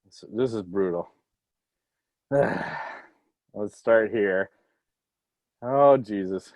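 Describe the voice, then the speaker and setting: A man's voice: lowish voice, extremely slow, darkish tone, no room sound, muffled recording. A man co-hosting a casual podcast chat, breaking into mocking put-on quotes. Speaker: podcast co-host.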